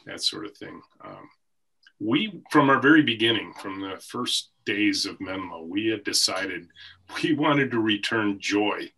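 A man's voice: fairly low pitch, animated, measured pace, pushed and bright, slightly rough. A middle-aged man, a company CEO, guest on a podcast, talking reflectively and telling stories about his workplace. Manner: reflective, story-telling, occasional laughs. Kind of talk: conversational podcast interview. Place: office with a team room behind him.

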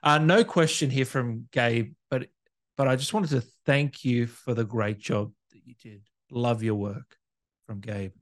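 Playful interview host. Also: male voice, mid-range voice, measured pace. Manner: playful, teasing, enthusiastic. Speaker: podcast host. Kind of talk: casual interview.

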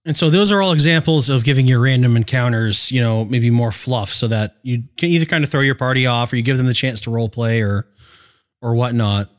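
A man chatting about running tabletop games, dry and wry in his asides. His pitch is ordinary and middling. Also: brisk. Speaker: podcast co-host. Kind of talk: casual chat about tabletop game mastering.

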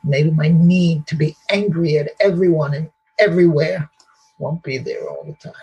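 A man speaking at a recovery meeting in a high, gravelly voice. He talks bluntly and repeats himself for emphasis, laughing at his own story. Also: fairly even intonation, normal speed, mellow, rough recording. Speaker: meeting member sharing.

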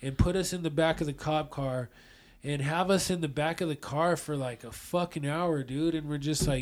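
A man's voice: a little high, fairly even intonation, normal speed. A young man from Colorado telling a profane, slang-heavy story in casual chat, acting out the quotes. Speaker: guest storyteller.

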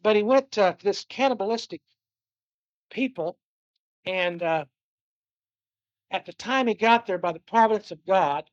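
A man preaching a sermon. He talks earnestly, repeats his phrases and slows down to stress scripture. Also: high voice, no room sound. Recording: dull lo-fi dry recording.

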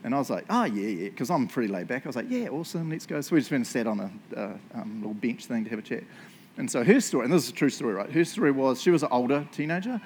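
A man's voice: mid-range voice, lively intonation, very fast, a little mellow, a little hiss or hum. A man, a youth church leader giving a casual, chatty teaching talk full of asides and fillers.

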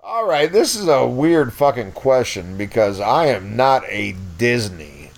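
A man's voice: mid-range voice, big pitch swings, unhurried, creaky, crowd noise. Guest, man in his fifties, blunt and foul-mouthed raconteur. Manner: profane, rambling, blunt. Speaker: podcast guest. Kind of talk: casual storytelling.

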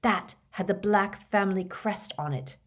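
A woman's voice: mid-range voice, unhurried, voice pushed up, close to an everyday voice. A woman voicing an angry teenage boy wizard who talks tensely. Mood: furious.

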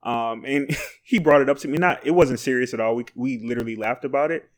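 A man's voice: medium pitch, a little fast. A man co-hosting a podcast, telling stories in casual chat and laughing often while he quotes other people. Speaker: podcast co-host.

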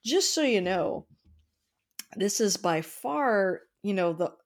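A woman's voice: medium pitch, expressive, slow pace. Woman in casual movie chat. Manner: conversational, hesitant fillers, laughs often. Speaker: podcast co-host.

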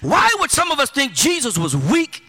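A male pastor preaches in an animated way, piling up rhetorical questions and folksy asides. His voice sits high and swings widely, with a strikingly bright, ringing tone. A long reverb from a large sanctuary follows every phrase. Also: normal speed. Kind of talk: sermon.

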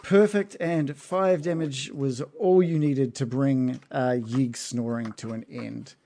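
Gravelly-voiced male game master. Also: mid-range voice, steady tone, slow pace, mellow. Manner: rambling, filler-heavy narration. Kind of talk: narrating a tabletop game.

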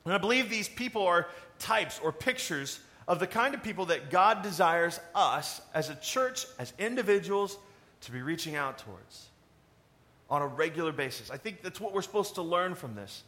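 A man preaching a sermon in a conversational, animated way, asking the congregation questions. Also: high-pitched, moderate pace. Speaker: pastor.

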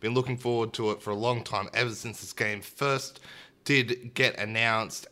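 Young aussie guy on a gaming podcast, bright forward voice, chatty and upbeat. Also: fairly low pitch, fairly even intonation, moderate pace. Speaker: podcast co-host. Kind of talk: casual chat.

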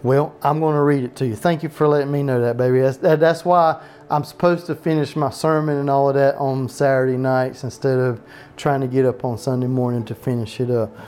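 A pastor preaches loosely and chattily at home, in a middle-pitched voice with fairly even intonation and a darkish tone. The conversational sermon is full of restarts and quick asides about wandering from the notes. The setting sounds like a small home Bible study rather than a large church.

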